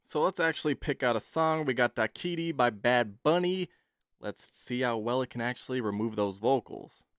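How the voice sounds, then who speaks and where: A man's voice: mid-range voice, animated, normal speed, clear, resonant tone, no room sound. A man walking through a product demo in an upbeat, playfully boastful way, recorded in a studio. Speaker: tech reviewer. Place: home studio.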